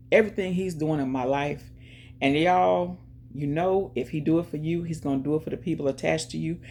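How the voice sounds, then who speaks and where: A woman hosting her own channel, chatting casually and directly to viewers, giving shout-outs and talking about faith. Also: sits low, creaky. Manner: chatty, talks straight to viewers with lots of "y'all". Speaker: YouTube channel host. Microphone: earphones in, music playing in her ear.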